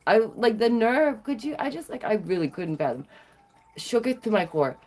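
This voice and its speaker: A woman vlogger telling stories to her viewers in a sassy, animated way, laughing often. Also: on the high side, moderate pace. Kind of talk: casual storytelling to viewers.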